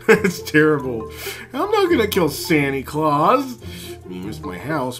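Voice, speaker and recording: A man playing a video game and narrating as he goes, his voice swinging wildly from low mutters to sudden yelps. He talks slowly and swears freely at the screen. Game music plays steadily behind him. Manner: excitable, profane, yelling at the game. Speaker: gaming video host. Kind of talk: casual let's-play commentary.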